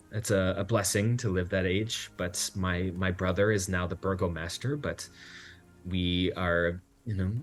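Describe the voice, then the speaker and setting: Subdued mourning noblewoman, low, halting delivery; a man plays her.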